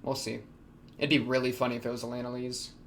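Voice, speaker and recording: A young man, reacting to an anime episode in casual commentary, excitable, laughing often and talking back to the characters. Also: medium pitch, fast talker, slight background noise.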